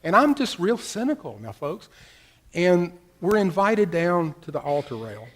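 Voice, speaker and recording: A middle-aged male pastor preaching a sermon, telling a personal story with wide swings between loud bursts and hushed, near-whispered passages. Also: sits high, very animated, unhurried.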